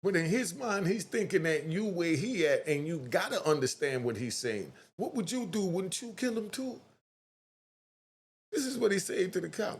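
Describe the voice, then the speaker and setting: A man hosting a casual online commentary, talking straight to his viewers in an animated way and acting out quotes. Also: high-pitched, moderate pace.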